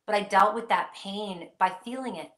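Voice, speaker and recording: A woman's voice: medium pitch, normal speed, a bit bright, echoey room. A woman hosting a live psychic question-and-answer stream, speaking earnestly and reassuringly straight to her viewers.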